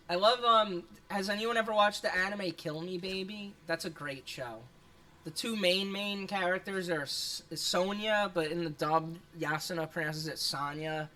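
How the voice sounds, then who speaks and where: A streamer's medium-pitched voice comes across with a sharp tone during relaxed gaming commentary. They ramble, swear frequently, laugh a lot, and are self-conscious about how they sound.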